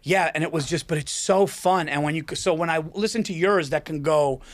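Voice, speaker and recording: Enthusiastic male podcast host, slightly high voice. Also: a little fast. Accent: New York. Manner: enthusiastic, swears freely. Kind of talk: casual chat.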